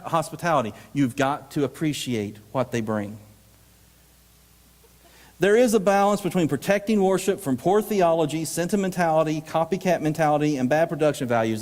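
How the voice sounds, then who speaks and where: A man giving a lively, joking workshop talk at a conference, acting out readings in mock voices. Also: a little high. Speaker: workshop presenter. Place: conference hall. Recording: live hall with long reverb.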